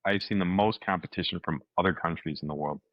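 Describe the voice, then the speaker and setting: A man's voice: low voice, fast, dry recording, lo-fi sound. A man co-hosting a podcast, telling a story casually and acting out the quotes, with many restarts. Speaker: podcast co-host.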